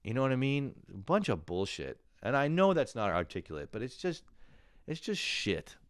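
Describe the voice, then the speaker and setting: A man's voice: medium pitch, very animated, moderate pace, smooth, dry recording, clean studio sound. A young man delivering a casual comedic monologue, rambling and exasperated, swearing as he rants. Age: young adult. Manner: profane, rambling, exasperated ranting. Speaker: comedian podcast host.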